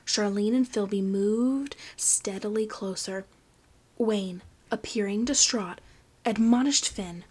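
A woman reading a novel aloud as audiobook narration, in a slow, hushed storytelling manner. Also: medium pitch, breathy edge. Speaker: audiobook reader.

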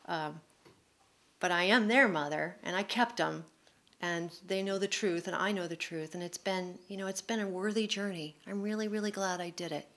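A middle-aged woman, an author, telling an emotional personal story at a public talk in a candid, quick-flowing way. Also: fairly low pitch, fairly bright tone. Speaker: author speaking at a public forum.

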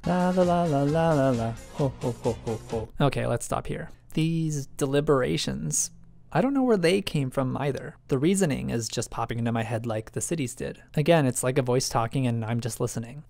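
Male essay narrator, self-questioning and musing, gravelly voice, dry close recording. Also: medium pitch, fairly quick, a little mellow, dry recording, faint music behind. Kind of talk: reflective scripted narration.

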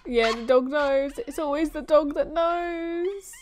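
A woman's voice: sits high, slow, a little hiss or hum. A young British woman giving playful, teasing commentary while reacting to a film. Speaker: movie reaction host.

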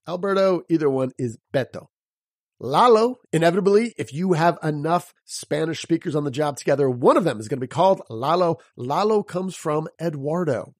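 A man hosts a solo podcast lesson with a fairly high voice that swings widely in pitch. His tone is slightly husky and the recording sounds dry and close. He talks like a teacher, spelling words out letter by letter and tossing rhetorical questions at his listeners. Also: dry recording. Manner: lively, teacherly. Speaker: podcast host and sales coach.

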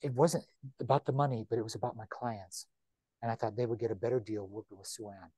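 A man, a real estate broker, giving an informal training talk to agents in a chatty, animated way, with quick repeats and asides. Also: lowish voice, breathy edge, no echo.

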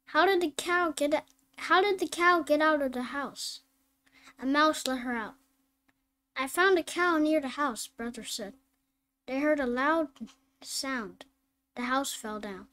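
A woman reading phonics drills and simple sentences aloud, slow and deliberate, word by word. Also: high-pitched, fairly bright tone. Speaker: phonics teacher.

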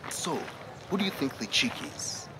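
An actor playing a teasing friend who chuckles at others in a TV drama. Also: male voice, on the high side, lively intonation, moderate pace, very noisy, natural voice. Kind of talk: TV drama acting.

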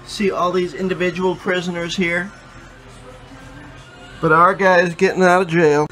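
A man's voice: high voice, flat delivery, measured pace, fairly bright tone, faint music behind, poor audio. A man who makes art and protests, talking casually and swearing when angry. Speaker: artist and protester. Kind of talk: casual banter and confrontational protest footage.

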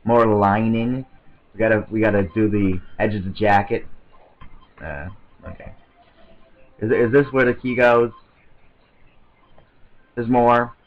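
A man giving casual, excitable gameplay commentary, rambling to himself and often stammering over restarts. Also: fairly low pitch, takes it slowly, long pauses, lo-fi sound. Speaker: let's play commentator.

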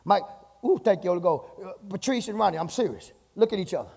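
High, gravelly preacher man. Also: expressive, fast. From United States. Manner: preaching, repeating phrases, rising to shouts. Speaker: pastor. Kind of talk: sermon. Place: church sanctuary. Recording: church sermon with hall reverb.

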